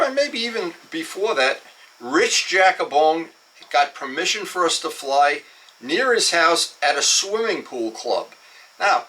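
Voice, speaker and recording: A man's voice: fairly high pitch, bright, forceful tone, far from the mic. A man in his seventies telling stories in a rambling, casual way, with frequent restarts. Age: 70s. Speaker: model aviation storyteller. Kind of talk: casual storytelling.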